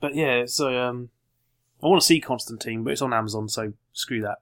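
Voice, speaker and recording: A man in casual chat, eagerly arguing points and adding details about TV shows. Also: medium pitch. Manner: chatty, quick to argue and add details.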